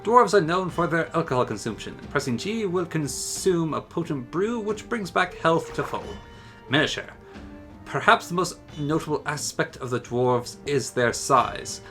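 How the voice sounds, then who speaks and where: Guy putting on a big loud dwarf, chanting and booming, pitched up, a bit far from the mic, faint music behind. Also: animated. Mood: proud. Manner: loud, chanting, drawn-out delivery. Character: boisterous male dwarf chanting a drinking song. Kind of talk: theatrical in-character reading.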